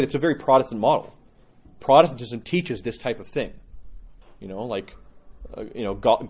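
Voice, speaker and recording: A man at a middle pitch delivers a casual, story-driven sermon as a priest. He jumps up in pitch when acting out what others said. The recording is slightly dull and lo-fi. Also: breathy edge. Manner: animated storytelling, acts out quotes with rising pitch. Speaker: Orthodox priest. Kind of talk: conversational sermon.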